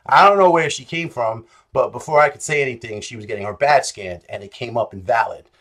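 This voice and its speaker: A young man telling a story in a casual vlog, animated and jokey, swinging between loud bursts and low mutters. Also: brisk. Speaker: vlogger.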